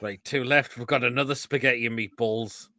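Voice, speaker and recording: A man with an English accent hosting a casual live stream, reading out viewer comments, swearing freely and laughing loudly. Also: medium pitch, steady tone, fairly quick, gravelly, slight background noise. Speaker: show host.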